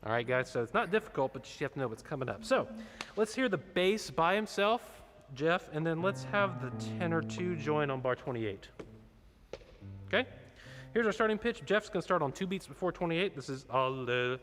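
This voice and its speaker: A man's voice: on the high side, animated, moderate pace, fairly bright tone, faint music behind. Male choir director mid-rehearsal, talks through the score and sings bits to show it; long ringing reverb, an instrument faint behind. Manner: explains, then sings short demonstrations.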